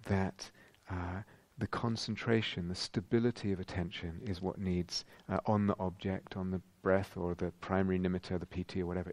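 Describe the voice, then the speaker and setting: A man giving a thoughtful dharma talk as a meditation teacher at a retreat, pausing and restarting as he searches for words. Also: sits low, vocal fry, a little mellow, no echo. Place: retreat centre meditation hall.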